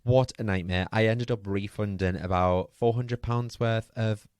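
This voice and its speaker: A man's voice: fairly low pitch, fairly even intonation, measured pace, darkish tone, dry recording, clean studio sound. A man hosting a podcast, telling a rambling, chatty story full of asides and fillers. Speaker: podcast host. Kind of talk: casual storytelling monologue.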